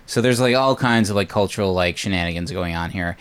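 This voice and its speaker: A man's voice: low-pitched, quick pace, smooth. A man on a podcast, casually retelling a movie plot in a rambling way full of fillers. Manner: rambling storytelling, lots of fillers. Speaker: podcast co-host. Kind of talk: casual chat recapping a film.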